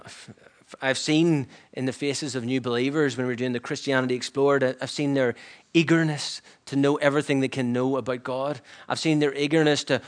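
A man preaching a sermon in an earnest, reflective way, often dropping to a hushed near-whisper. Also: mid-range voice.

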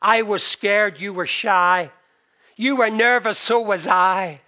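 A man's voice: sits high, slow, full character voice. A man voicing a blustering middle-aged husband and father who earnestly pleads with his wife. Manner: pleading, earnest, drops soft on the key question. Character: blustering middle-aged husband and father, shy when asking about love.

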